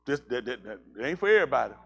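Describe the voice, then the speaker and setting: A male pastor joking with his congregation in casual banter, teasing people and breaking into loud exclamations, before settling into preaching. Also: mid-range voice, very animated, racing, creaky, husky, faint music behind.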